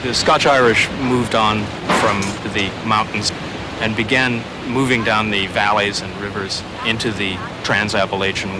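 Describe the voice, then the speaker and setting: A man explaining at length in an interview, pausing with fillers and restarting phrases. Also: lowish voice, background noise. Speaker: language expert interviewee.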